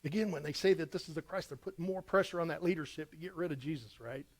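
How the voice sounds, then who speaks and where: A man's voice: on the high side, fast. A middle-aged man preaching verse by verse as a pastor, reading scripture dramatically with emphatic rises. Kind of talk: verse-by-verse sermon.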